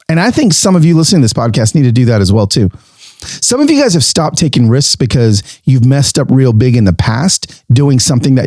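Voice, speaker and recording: Animated man hosting a podcast. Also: medium pitch, no room sound, studio quality. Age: 40s. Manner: animated, self-mocking storyteller turning into pep talk; emphatic, repeats phrases for effect. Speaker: podcast host. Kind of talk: solo podcast monologue.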